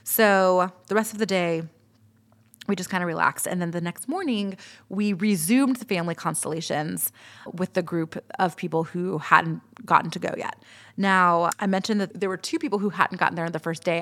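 A woman's voice: lowish voice, moderate pace. A woman in her thirties, a podcast host, telling a personal story in a candid, chatty way and swearing freely. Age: 30s.

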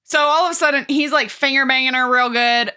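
Bright-voiced, giggly woman podcaster. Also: high voice, fairly even intonation, a little fast, clean tone. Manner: giggly, swears freely, playful asides. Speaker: podcast co-host. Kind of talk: casual book recap chat.

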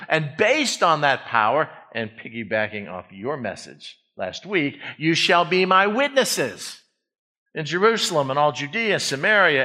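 A man delivers a sermon with animated energy, jumping between quick bursts and acted asides. His voice is bright and forceful, pitched a little above the usual for a man. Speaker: pastor.

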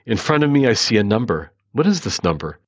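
A man reading a first-person story aloud in a measured, earnest way, sometimes restarting a word. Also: on the low side, sing-song, slightly rough, no echo, muffled recording. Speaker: narrator.

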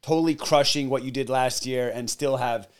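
A man hosts a casual podcast interview, friendly and chatty, often cutting in with short reactions. His voice sits at an ordinary middle pitch. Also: steady tone, normal speed, clear, resonant tone. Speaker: podcast host.

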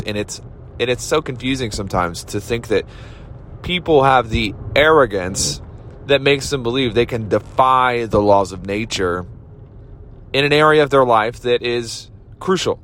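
A man's voice: mid-range voice, fairly bright tone. A man hosting a motivational podcast, talking bluntly and casually with a fired-up, slangy manner. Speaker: podcast host. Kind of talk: motivational monologue.

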